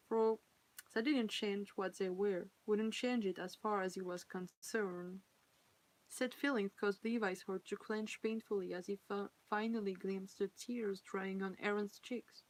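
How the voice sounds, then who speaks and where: A woman's voice: medium pitch, rough recording. French-accented woman reading fan fiction aloud. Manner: reads aloud, pauses to chat and laugh at her stumbles. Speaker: live-stream fan-fiction reader.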